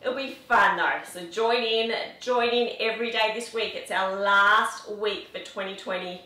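A woman's voice: mid-range voice, fairly even intonation, moderate pace, pushed and bright. A woman, a fitness instructor, coaching a live workout in an upbeat, encouraging way and counting out reps in her home studio. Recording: echoey room, mic at a distance.

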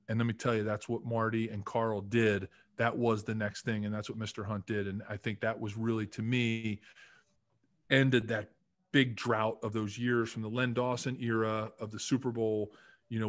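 Chatty man telling animated stories. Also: on the low side, no echo. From Philadelphia area, United States. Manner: chatty, animated storyteller acting out quotes. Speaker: podcast guest, former football lineman. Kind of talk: casual storytelling interview.

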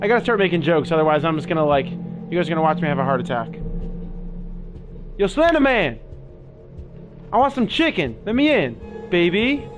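A man's voice: a little high, sing-song, a little fast, pauses often, soft background music. A young man giving frightened, swearing commentary while playing a horror game and talking to his viewers. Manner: jumpy, swearing, talks to viewers. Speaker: gaming video host. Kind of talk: scared let's-play commentary.

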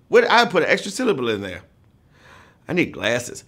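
A man hosting a live trivia game show, playful and joking, with loud whoops. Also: fairly high pitch, very animated, moderate pace, husky.

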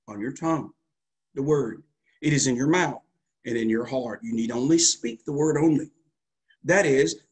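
A man preaches with fervor, his voice husky and slightly rough. He calls for responses from the congregation and peppers his lines with hallelujahs. His pitch sits at an ordinary middle level. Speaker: pastor. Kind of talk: sermon.

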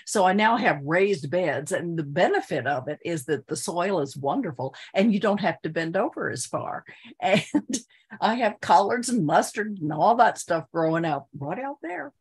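Older lady chatting, lowish husky voice, laughs a lot. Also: lively intonation, moderate pace. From Texas. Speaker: guest. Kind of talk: casual chat.

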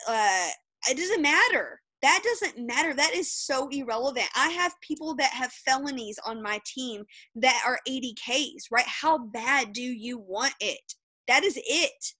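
A woman's voice: a little high, pushed and bright, no room sound, low-quality recording. A woman giving a blunt, fired-up motivational pep talk on a video call, swearing freely. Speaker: guest speaker.

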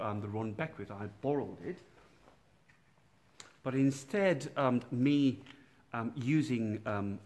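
A man, a priest, giving an informal night prayer talk in a gentle, halting way, with many pauses and restarts, recorded without a proper microphone. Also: medium pitch. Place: dark church room by candlelight. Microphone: no external microphone, built-in device mic. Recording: poor sound quality without microphone.

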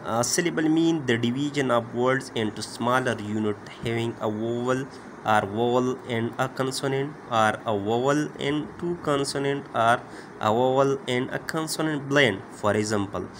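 A man teaching a grammar lesson, halting often with "uh" and "okay" as he explains. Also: mid-range voice, noisy background. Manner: slow, halting, many "uh" and "okay" fillers. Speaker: English teacher.

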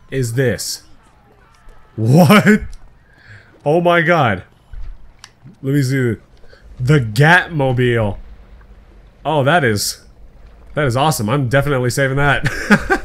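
A man's voice: mid-range voice, a bit bright. A young man giving casual gameplay commentary as a YouTuber, crude, joking and rambling, swearing often.

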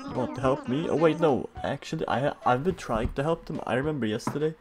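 A man giving casual, playful, chatty commentary while playing a cartoon life-sim game, easily excited and swearing freely. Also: mid-range voice, quick pace. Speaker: gaming streamer. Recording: game music behind.

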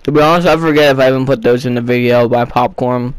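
A young man giving casual, jokey commentary while playing a video game, breaking into excited yelps. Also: medium pitch, fast, clean tone, no echo, low-quality recording. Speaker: gaming video creator.

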